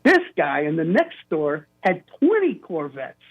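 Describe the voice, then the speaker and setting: A man's voice: a little high, a little slow. Older man telling a story over a phone line. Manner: animated storyteller, acts out quotes. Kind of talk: telling a story on a radio call-in.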